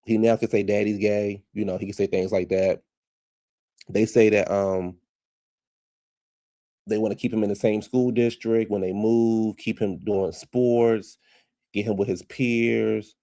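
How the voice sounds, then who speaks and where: A man's voice: on the low side, fairly even intonation, a little slow, long pauses, dark tone, no echo, studio quality. A man giving a sassy, gossipy casual recap of a reality show, talking straight to his viewers.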